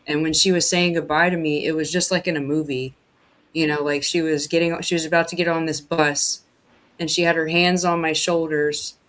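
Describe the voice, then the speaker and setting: A guest telling a personal story in casual conversation, halting, with many restarts and fillers. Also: medium pitch, flat delivery, a bit bright.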